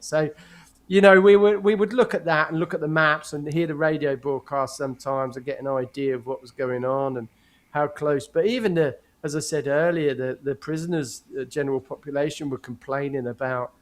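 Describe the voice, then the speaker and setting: Animated middle-aged man telling stories. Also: on the high side. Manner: animated, acts out quoted voices with laughs. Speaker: guest, former prisoner of war. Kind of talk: casual chat, storytelling.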